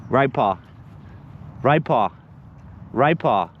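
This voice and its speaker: Man, casual rambling talk, short firm dog commands, outdoors, mid-pitched, slightly muffled recording. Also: expressive, extremely slow, a little hiss or hum. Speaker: dog owner and co-host. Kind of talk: casual livestream chat and dog training. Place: outdoors in a park.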